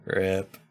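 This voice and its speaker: A man streaming a game live, commenting wryly and reading the on-screen text aloud. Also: a little mellow. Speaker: gaming streamer.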